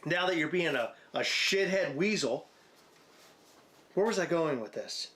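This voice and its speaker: A man's voice: fairly high pitch, expressive, unhurried, a bit bright. A man co-hosting a podcast, rambling through crude, absurd hypotheticals with profane banter. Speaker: podcast co-host.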